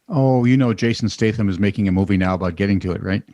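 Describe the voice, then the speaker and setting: A man's voice: lowish voice, fast, mellow, dry recording. An American man co-hosting a comedic news podcast, joking and laughing as he chats. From United States. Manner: joking, teasing, laughs often. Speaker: podcast co-host. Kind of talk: casual comedic news chat.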